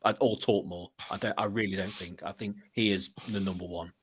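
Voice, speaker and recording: A man's voice: low-pitched, fairly even intonation, brisk, slightly rough. A man guest on a sports podcast, talking in a chatty, rambling way with frequent fillers and restarts. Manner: chatty, rambling, laughs at his own asides. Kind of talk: casual podcast chat.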